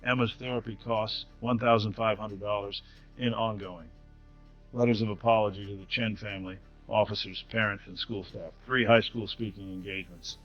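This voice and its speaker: A man giving a scripted, dramatic story narration in an even voice. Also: on the low side, moderate pace. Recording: slightly dull audio with faint music.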